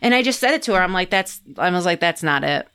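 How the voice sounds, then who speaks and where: A woman's voice: fairly low pitch, expressive, quick pace, fairly bright tone, clear, resonant tone. A woman guest on a podcast, telling a story in a casual chat, acting out what people said and swearing freely. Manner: chatty, acts out her own and others' lines, swears freely.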